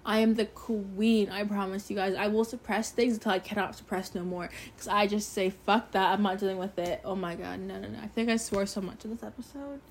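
A woman's voice: mid-range voice, fairly even intonation, brisk, hardly any pauses, a little hiss or hum. A young woman hosting her own podcast, talking candidly and emphatically about self-love, swearing freely. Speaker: podcast host. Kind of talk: casual solo podcast talk.

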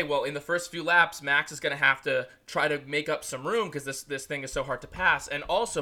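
American man, young, casual podcast chat, profane, rambling, bright voice. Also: a little high. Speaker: podcast co-host.

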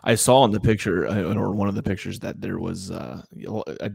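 A man's voice: low voice, fairly quick, creaky, darkish tone, breathy edge. A man co-hosting a casual podcast, talking in a loose, rambling way with many fillers. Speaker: podcast co-host. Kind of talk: casual chat.

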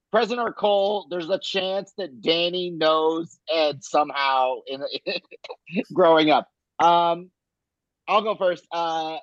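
A man co-hosting a casual podcast chat, animated and swearing, laughing often. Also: a little high, dry recording. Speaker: podcast co-host. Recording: dry, dull lo-fi mic.

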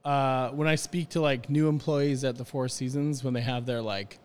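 A man's voice: medium pitch, fairly even intonation, moderate pace, darkish tone, smooth, big-room sound. A man on a podcast talking earnestly about hospitality in a rambling, casual way with many restarts.

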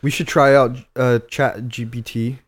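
A young man co-hosting a podcast, chatting in relaxed, slangy banter with a friend. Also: medium pitch, measured pace. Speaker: podcast co-host. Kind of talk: casual chat.

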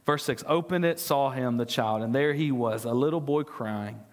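A man's voice: medium pitch, normal speed, big-room sound. A man preaching a sermon as pastor, earnestly asking his congregation questions and sometimes stumbling over repeated words. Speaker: discipleship pastor. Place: church sanctuary.

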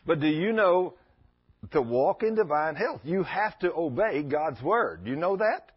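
A man with a husky, slightly breathy voice preaching in a folksy, storytelling way, jumping into lively voices for the people in his tales. The recording is dull and lo-fi, like an old church tape. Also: on the high side, a little slow. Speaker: pastor. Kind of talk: sermon.

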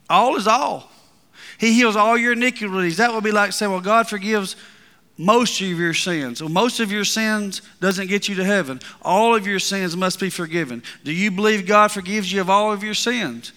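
A man preaching a sermon as pastor, building to emphatic peaks and dropping to quiet asides. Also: high-pitched, clear, resonant tone, big-room sound. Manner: preaching, rising and falling with emphasis.

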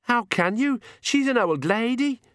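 A man voicing a defiant young woman witch in a shrill, pleading voice in an audiobook. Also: sing-song, takes it slowly, a bit bright, no room sound, studio quality, full character voice. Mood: shrill defiance.

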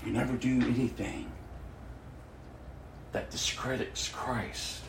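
A male pastor preaching a sermon in an animated way, laughing and acting out quotes in shifting voices. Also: mid-range voice, takes it slowly, creaky, roomy sound, slight background noise.

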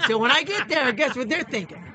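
Animated and swearing, a middle-aged ex-Marine recounts a story on a casual podcast, voicing the people in it. He speaks briskly in a very high-pitched voice, and a little hiss or hum is audible.

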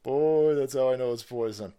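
A man hosting a livestream, ranting in a profane, sarcastic, mocking way, often laughing and yelling. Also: mid-range voice, normal speed, smooth. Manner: frequent laughter and sudden yells. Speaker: stream host. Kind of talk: livestream commentary rant.

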